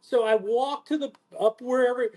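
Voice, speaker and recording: Podcast host, male, high-pitched, animated profane storyteller, casual chat. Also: normal speed. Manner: animated, profane, acts out quotes in a lower voice.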